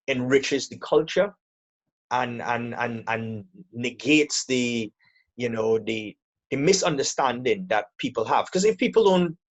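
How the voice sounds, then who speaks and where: A man speaking as an interview guest in a casual, hesitant way, often repeating words as he gathers his thoughts. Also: mid-range voice. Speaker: guest, air force electrical technician.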